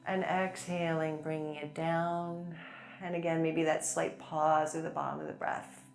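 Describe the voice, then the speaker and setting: Woman yoga teacher, lowish voice, gentle encouraging cues, echoey room, soft music behind. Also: steady tone, moderate pace, creaky. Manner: gentle and encouraging, with light laughs. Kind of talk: guided yoga class instruction. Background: soft background music.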